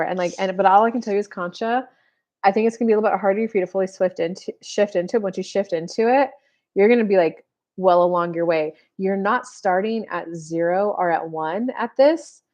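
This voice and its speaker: Her voice is mid-range and a little mellow as this woman in her thirties runs a casual tarot live stream. She's chatty, full of "like," and acts out made-up bits of dialogue along the way.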